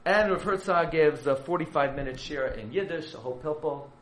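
A man who is a yeshiva rabbi, telling a story as a sermon, dramatic and surging from hushed to loud. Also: fairly high pitch, fairly quick, roomy sound, a little hiss or hum, poor audio.

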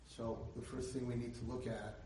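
A man giving an inspirational Torah lecture, telling a story and building to loud, emphatic peaks. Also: medium pitch, little pitch movement, normal speed, recorded from a distance, a little hiss or hum. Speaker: rabbi lecturer. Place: lecture hall. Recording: echoey hall, speaker away from mic.

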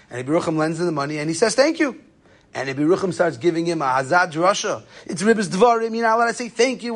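A man giving a Torah class on Jewish law, telling stories in a lively way and mixing in Hebrew and Yiddish terms. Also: high-pitched. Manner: animated storytelling, Yeshiva-style Hebrew and Yiddish terms. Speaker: rabbi lecturer.

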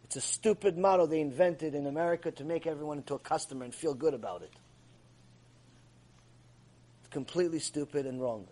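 A man giving an animated, emphatic ethics lecture as a Torah teacher. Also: on the high side, brisk, long pauses.

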